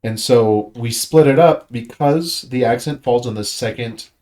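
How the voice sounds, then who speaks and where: Explaining pronunciation to his language study group, a man speaks at a measured pace in a mid-range, somewhat mellow voice. His manner is casual and thinking-aloud, with many fillers and sentences he begins again.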